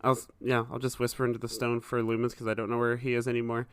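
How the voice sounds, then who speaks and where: A man playing a tabletop game who talks in a calm, cautious way. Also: medium pitch, fast talker, clean tone, no echo, clean studio sound. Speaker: player. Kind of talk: tabletop game play, casual.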